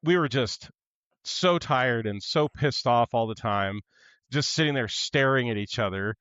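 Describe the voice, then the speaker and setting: A man co-hosting a casual podcast, telling stories with animated energy and acting out the lines of the people in them. His voice sits in a middle register. The recording is dry and a little dull, with no room sound. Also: medium pitch, unhurried, clean tone, no room sound. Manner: animated storytelling, acts out quotes. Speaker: podcast co-host. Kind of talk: casual chat.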